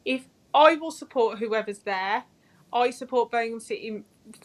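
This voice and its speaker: A woman's voice: on the high side, moderate pace. A woman on a podcast, giving her views in a plain-spoken, emphatic way during a casual football chat.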